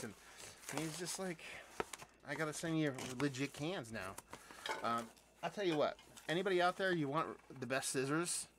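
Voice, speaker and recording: A man talking in a bright, forward voice, rambling through a casual live unboxing chat. He is enthusiastic and curses freely, and he fills his talk with ums and restarts. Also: medium pitch, a little hiss or hum. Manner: rambling and chatty, with many fillers and restarts. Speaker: beer reviewer and channel host.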